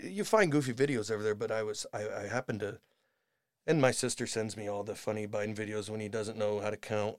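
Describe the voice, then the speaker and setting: A man hosting a podcast in a rambling, sarcastic comedic rant, dropping to mutters and rising to shouts. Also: lowish voice, no echo, clean studio sound. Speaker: podcast host.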